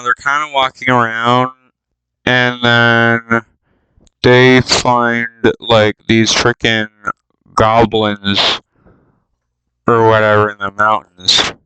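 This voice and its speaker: Slow, bright-voiced man rambling. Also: medium pitch, smooth, no room sound, rough recording. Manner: meandering and flippant, with many fillers and asides. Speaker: YouTube spoof narrator. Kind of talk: rambling comic retelling.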